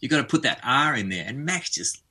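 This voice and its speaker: A man's voice: mid-range voice, expressive, fairly quick, background noise. An Australian man, a musician guest in a casual radio interview, chatting in a rambling way with frequent restarts.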